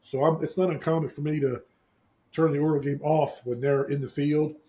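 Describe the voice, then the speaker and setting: A man's voice: a little high, level tone, brisk, dark tone. A man co-hosting a casual chat podcast, rambling through stories and teasing his co-host.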